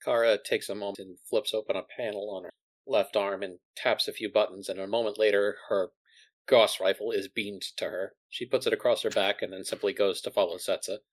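A man playing a tabletop game, narrating his character's actions in a calm, matter-of-fact way. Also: fairly low pitch, fairly quick, no room sound. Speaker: tabletop player.

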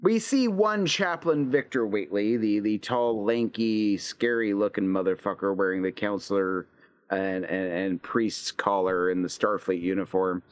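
A man's voice: on the low side, moderate pace. A man narrating his scene as a player in a tabletop role-play, with vivid, descriptive scene-setting.

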